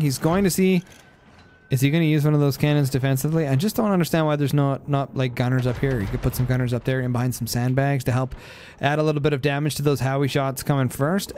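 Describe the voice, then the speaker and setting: A man giving play-by-play commentary on a strategy game match, excitable and bursting into loud exclamations at big plays, a little stuffy from post-nasal drip. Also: on the high side, slight background noise. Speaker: game caster.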